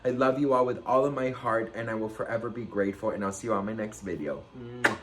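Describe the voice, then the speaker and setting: A man vlogging a storytime, dramatic and animated, with big jumps in pitch and loudness and a sassy, campy manner. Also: fast, a little hiss or hum. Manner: campy, sassy, says "girl" and "okay" a lot. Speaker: celebrity gossip vlogger. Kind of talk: casual storytime chat.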